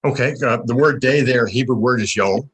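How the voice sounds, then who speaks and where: A man's voice: medium pitch, brisk, a bit bright, slightly rough, rough recording. A middle-aged man on a video call, explaining his points in a panel discussion and teaching through rhetorical questions. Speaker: panel speaker.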